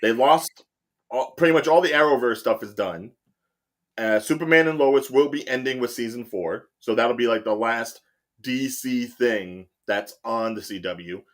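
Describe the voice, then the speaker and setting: A man hosts a casual podcast chat in a medium-pitched voice. He rambles through his points and leans on fillers as he thinks aloud. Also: moderate pace. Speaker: host.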